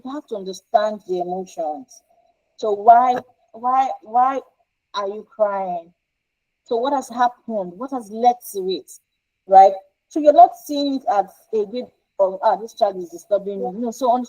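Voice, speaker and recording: A woman's voice: mid-range voice, mellow, dull audio. A woman counsellor teaching parents in an informal, emphatic way, often repeating herself and checking in with "right?".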